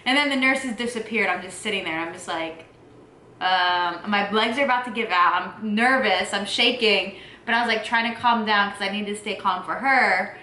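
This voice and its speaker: Animated woman with a bright voice. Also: normal speed, a little hiss or hum. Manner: animated, acts out quotes in high squeals. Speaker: vlogger, partner of the mother. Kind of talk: casual storytelling. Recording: echoey room.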